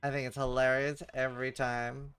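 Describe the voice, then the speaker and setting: Smooth-voiced man streaming a game. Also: mid-range voice, flat delivery, normal speed, fairly bright tone, no room sound, soft background music. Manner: swears and stammers, mutters to himself. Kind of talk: casual livestream chat while gaming.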